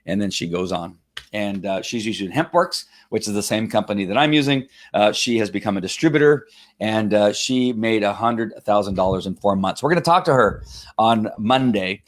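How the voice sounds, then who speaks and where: A man hosting a casual live online show, talking in a halting, rambling way with lots of fillers and restarts, at times choked up while reading a viewer's story. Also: fairly low pitch. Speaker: host of a Facebook Live show. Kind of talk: casual live-stream talk, reading a testimonial aloud.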